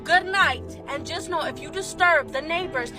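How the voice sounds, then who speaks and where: A woman's voice: very high voice, moderate pace, distant mic, music in the background. A woman playing a stern, cold mother who scolds and dismisses someone at her door. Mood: scolding.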